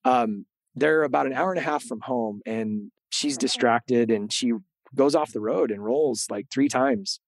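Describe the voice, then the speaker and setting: A middle-aged man recounting his own story on a podcast, earnest and animated, doubling back on words as he talks. His voice sits at an ordinary pitch for a man. He is recorded on a close, dry mic with no room sound. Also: unhurried, creaky, no echo. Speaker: podcast host being interviewed. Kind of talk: candid storytelling interview.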